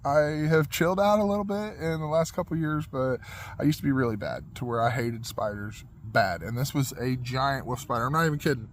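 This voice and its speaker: A man's voice: medium pitch, moderate pace, slight background noise. A man in his forties, a podcast host, telling a personal story in casual, rambling speech with fillers, restarts and frequent laughter.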